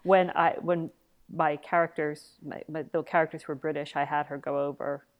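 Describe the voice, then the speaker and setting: A middle-aged woman with a very low-pitched voice, co-hosting a podcast. She tells stories at an easy pace and often stammers into repeated words. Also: fairly even intonation, normal speed. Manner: warm storytelling, frequent stammered repeats. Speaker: podcast co-host. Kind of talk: casual chat.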